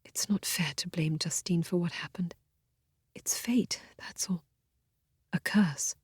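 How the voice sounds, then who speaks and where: A woman doing a raspy, feverish ailing mother. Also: fairly low pitch, normal speed, no room sound, studio quality. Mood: whispered. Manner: hushed, whispery.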